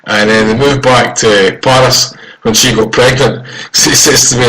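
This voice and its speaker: A man chats on a podcast in a relaxed, easygoing way. He swears often and chuckles between thoughts. His pitch sits in the middle of the range. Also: unhurried, poor audio. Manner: laid-back, sweary, chuckling. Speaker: podcast co-host. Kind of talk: casual chat.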